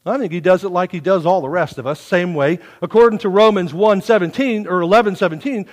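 A man preaching a folksy sermon to his congregation, swinging from hushed asides to loud, lively exhortation. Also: sits high, fairly quick, long reverb tail. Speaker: pastor. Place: church sanctuary.

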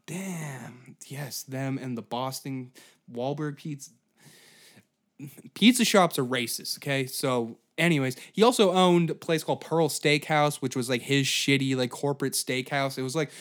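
A young man hosting a comedic podcast, telling a story as a profane, rambling monologue that keeps breaking into shouted asides. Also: medium pitch, moderate pace. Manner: profane, riffing, jumps into goofy put-on voices and shouts. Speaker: podcast host.

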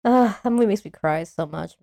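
Animated woman recapping a monster movie. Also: moderate pace, dry recording. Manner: animated, acts out monster scenes in high voices. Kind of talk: casual chat.

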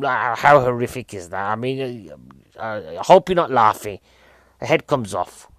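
A man in his forties chats casually about a film, rambling from joke to joke and poking fun at himself. His voice sits at a middling pitch and sounds dry and close, with no room sound. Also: fairly bright tone, dry recording. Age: 40s. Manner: rambling, jokey, self-mocking. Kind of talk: casual film review chat.

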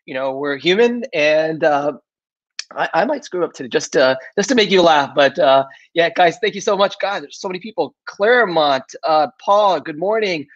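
A man's voice: fairly high pitch, expressive, moderate pace. Chatty man hosting a live stream. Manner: chatty, laughs often, many fillers and restarts. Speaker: live show host. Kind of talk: casual live-stream talk. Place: southern United States. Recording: dull lo-fi sound.

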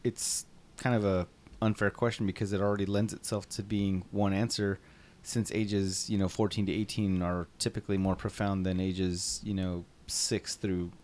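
Thoughtful low-voiced man asking questions. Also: level tone, normal speed, a little mellow. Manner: thoughtful, searching questions with restarts. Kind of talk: casual conversation.

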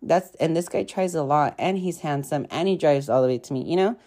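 A woman's voice: low voice, brisk, dark tone. A young woman hosting a podcast, telling stories in a rambling, profane, casual way full of fillers. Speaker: podcast host. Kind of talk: casual storytelling chat.

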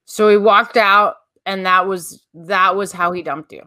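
A woman's voice: medium pitch, fairly even intonation, a little slow, bright, forceful tone, dry recording. A woman hosting an interview, reacting briefly and summing up what she hears. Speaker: host.

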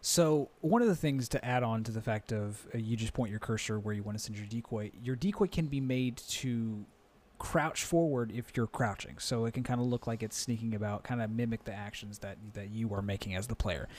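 A man's voice: fairly low pitch, a little fast, a little mellow. A man co-hosts a gaming podcast in a chatty, upbeat way. He laughs easily while he talks through console news and game tips. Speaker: podcast co-host. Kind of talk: casual gaming podcast chat.

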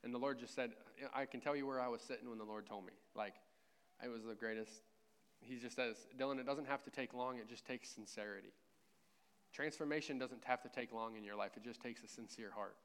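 A man's voice: mid-range voice, a little fast, fairly bright tone, clean tone. A man preaching a conversational sermon, with joking asides and a self-deprecating tone. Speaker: pastor.

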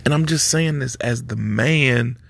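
Male podcast host, gravelly and husky, easygoing preachy delivery. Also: medium pitch, measured pace, fairly bright tone. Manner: laid-back, preachy, street slang. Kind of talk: casual advice monologue.

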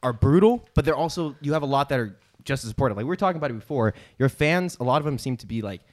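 A man's voice: mid-range voice, animated, rapid-fire. A man hosting a podcast, asking curious, probing questions in loose slang. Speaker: podcast host. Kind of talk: casual chat.

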